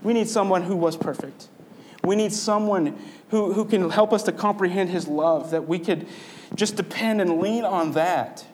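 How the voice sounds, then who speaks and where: Earnest man preaching in a slightly higher voice. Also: moderate pace, darkish tone, a little hiss or hum. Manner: earnest, conversational preaching with rhetorical questions. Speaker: pastor. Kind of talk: sermon.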